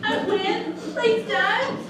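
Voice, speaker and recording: A woman's voice: very high-pitched, fairly even intonation, very slow, crowd noise, heavily acted. An actress playing a prim, doting woman who coos politely on stage. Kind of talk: stage play acting. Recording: echoey theater, mic far off, very noisy.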